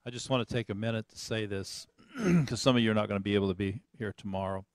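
Male pastor, low voice, earnest testimony, dry close sound. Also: fast talker, a little mellow, dry recording. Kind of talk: testimony to the congregation.

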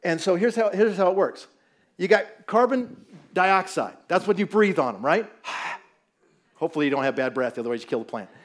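A middle-aged man from Southern California, a guest pastor giving a humorous, storytelling sermon in a church. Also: sits high. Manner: animated, storytelling, jokes with the audience. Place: church sanctuary.

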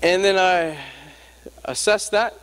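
A man with a notably high voice preaches a sermon, leaning on rhetorical questions and call-and-response with his listeners. His voice rings out with a long reverb tail, as in a large church sanctuary. The delivery is emphatic and story-driven. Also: fairly even intonation, slow, a bit bright, clear, resonant tone.

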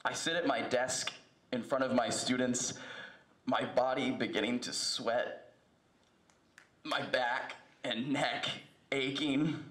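A man reading a poem aloud in a slow, measured recitation. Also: medium pitch, steady tone, fairly bright tone, echoey room. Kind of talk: poetry reading.

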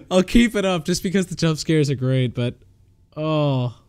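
A man streaming a horror game, excitable, swearing and laughing at the scares. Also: a little high, takes it slowly, clear, resonant tone. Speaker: gaming streamer. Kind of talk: livestream horror game commentary.

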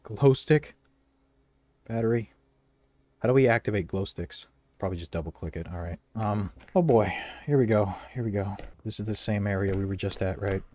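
Talking at a normal speed, an excitable gameplay commentator narrates a horror game let's play. He keeps repeating phrases while shifting between hushed mutters and loud bursts.

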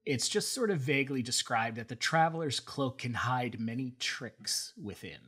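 A man's voice: mid-range voice, lively intonation, moderate pace, sharp tone, slightly rough. A man co-hosting a podcast, retelling myths in a casual, playful way. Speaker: podcast co-host. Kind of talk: casual storytelling.

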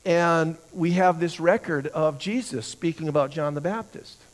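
A man's voice: a little high, normal speed. A man teaching a church Bible class, who asks the class questions, answers them himself and often repeats words while he thinks.

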